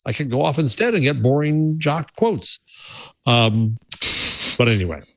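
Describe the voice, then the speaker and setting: A man's voice: medium pitch, measured pace, no echo. A man co-hosting a tech podcast, chatting casually and telling stories with lots of restarts. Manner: animated storyteller, restarts phrases. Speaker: podcast co-host.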